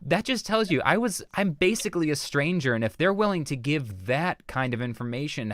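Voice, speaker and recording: A male guest speaker telling personal anecdotes with animated delivery, slipping into the voices of people he quotes. His voice has a mid pitch and sounds dry and close. He talks freely with an easy conversational flow. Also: no echo. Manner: animated storyteller who acts out quoted dialogue. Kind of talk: conversational interview storytelling.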